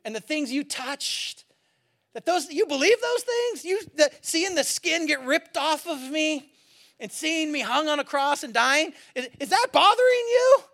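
Wry calm jesus asking half-joking questions, sermon story bit, preacher doing the voice. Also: very high-pitched, pitched above the performer's own voice. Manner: mock-casual, incredulous questioning. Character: calm, wry male Jesus, gently teasing.

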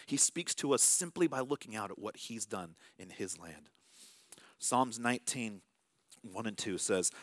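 A man's voice: mid-range voice, a bit bright, no echo. A man in his thirties preaching a sermon as pastor, in a conversational, self-amused way with small acted asides.

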